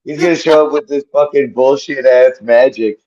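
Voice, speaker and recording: A man's voice: mid-range voice, normal speed, mellow. A man playing a tabletop game in casual role-play chat, blunt and laid-back. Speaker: player. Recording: dull lo-fi mic.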